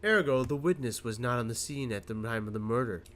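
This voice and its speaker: A man's voice: mid-range voice, expressive, brisk, noisy background, lightly acted. Man doing a haughty scheming prosecutor. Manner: formal, haughty, condescending. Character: cold, scheming male prosecutor. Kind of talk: gameplay voice-over, voicing characters.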